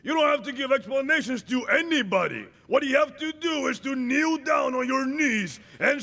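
Animated high-voiced male preacher in a hall. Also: moderate pace, few pauses, a faint crowd, slight background noise. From Dominican Republic. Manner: animated, acts out dialogue, shouts at peaks. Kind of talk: sermon.

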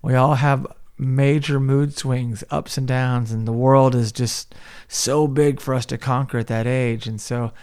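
A man's voice: mid-range voice, fairly even intonation, a little slow, a little mellow, clear, resonant tone. A man co-hosting a podcast, casually breaking down a movie scene by scene and acting out the characters' lines. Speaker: podcast co-host.

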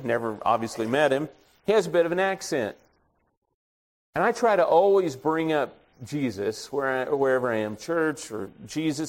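A middle-aged man preaching a sermon in a conversational way, telling folksy stories from his own life. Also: mid-range voice. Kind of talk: storytelling sermon.

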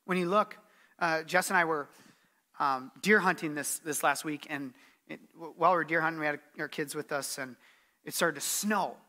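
A man's voice: fairly high pitch, normal speed, pushed and bright. A middle-aged man preaching a sermon as pastor, earnest and emphatic, repeating his key phrases.

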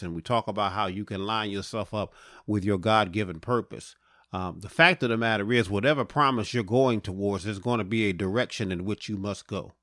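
A man's voice: fairly low pitch, fairly bright tone, no echo, studio quality. A man preaching a short podcast sermon as pastor and host, speaking straight to his listeners as brothers and sisters.

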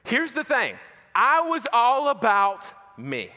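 A man preaching a sermon as an animated, self-mocking storyteller. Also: very high voice, takes it slowly. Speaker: pastor. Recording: reverberant hall.

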